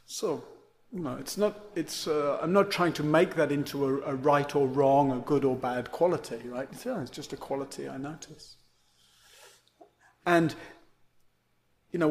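A man giving a meandering, reflective dharma talk as a meditation teacher, often checking in with "right?". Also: on the high side. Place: meditation center.

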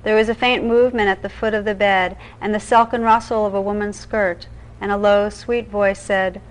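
Calm woman reading an old tale. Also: mid-range voice, normal speed, rough recording. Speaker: meditation teacher. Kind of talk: storytelling reading in a dharma talk.

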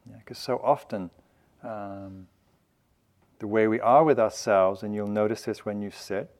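Man, meditation teacher, dharma talk, gentle and conversational, light humor, lowish voice. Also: creaky. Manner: loose, with frequent fillers and restarts.

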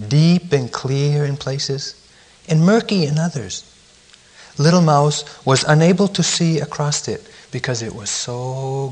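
A meditation teacher reads a children's story aloud. He is a man with a gentle, measured way of speaking and a pitch in the middle of the range. It was recorded at a retreat center. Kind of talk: storytelling in a dharma talk.

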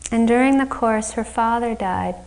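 A woman meditation teacher giving a dharma talk on retreat, slow, gentle and reflective, often laughing at her own stories. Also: a little high, poor audio. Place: retreat center meditation hall.

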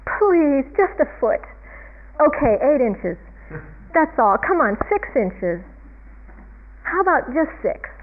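A woman voicing a frustrated little boy who shouts and pleads for snow, heard over a tinny, phone-like line. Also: high voice, big pitch swings, slow pace, pauses often, voice pushed up, exaggerated voice. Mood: pleading.

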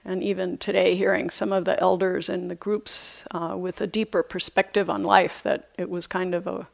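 A middle-aged woman, a meditation teacher, giving a reflective dharma talk on retreat with unhurried, soft hesitations. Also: fairly low pitch, little pitch movement, gravelly. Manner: light self-amused laughter. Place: retreat center meditation hall.

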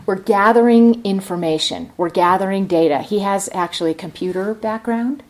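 A woman's voice: medium pitch, normal speed, a little mellow. A woman meditation teacher giving a reflective dharma talk at a retreat center, thinking aloud as she explains.

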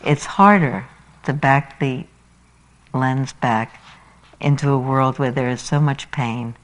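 A woman meditation teacher giving a dharma talk, reading a children's story aloud in an unhurried, expressive way. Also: rumbling low, rough recording.

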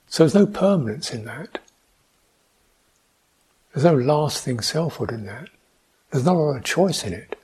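Husky man giving a slow dharma talk. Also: medium pitch. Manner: slow, reflective, questioning, with soft hums. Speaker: meditation teacher.

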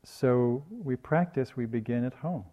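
A man giving a dharma talk as a meditation teacher, in a gentle and reflective teaching tone. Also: medium pitch, unhurried, dull audio. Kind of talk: dharma talk on loving-kindness.

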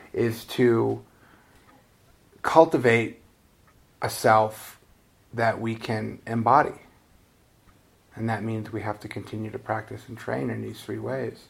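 A man giving a dharma talk as a meditation teacher, in a relaxed, conversational, self-deprecating way with frequent chuckles. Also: lowish voice, gravelly.

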